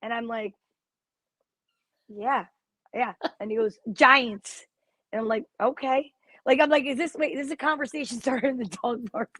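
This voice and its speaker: A woman co-host with a higher voice chats about football, telling animated, gossipy stories. The sound is close and dry, with no room in it. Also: moderate pace, long pauses, no echo. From New Jersey. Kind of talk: casual sports chat.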